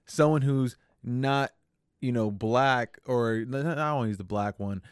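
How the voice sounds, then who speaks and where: A man's voice: mid-range voice, unhurried, clean tone, no echo, studio quality. A man hosting a podcast, asking questions in a hesitant, filler-heavy way. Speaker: podcast host. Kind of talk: casual podcast chat.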